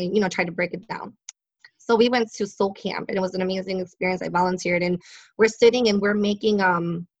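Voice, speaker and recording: A woman's voice: mid-range voice, highs cut off. A woman psychic in an interview, telling stories in a chatty way, laughing often and using many fillers. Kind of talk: casual interview storytelling.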